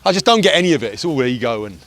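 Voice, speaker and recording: Very fast and a bit bright, his voice sits on the high side and swings widely in pitch. This man in his forties is a performance coach chatting casually on an outdoor golf course, telling intense, blunt stories with some swearing.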